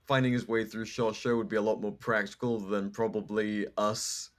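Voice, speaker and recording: A man's voice: fairly low pitch, little pitch movement, moderate pace. A man hosting a podcast in casual chat, teasing and swearing, laughing often. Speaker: podcast host.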